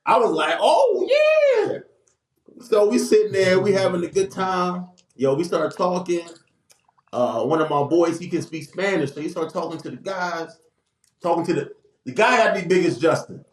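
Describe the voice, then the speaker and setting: A man, casually telling a long funny story on a podcast, acting out the people he quotes. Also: moderate pace. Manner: lively, acts out quoted voices with big pitch jumps. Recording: echoey room with faint noise.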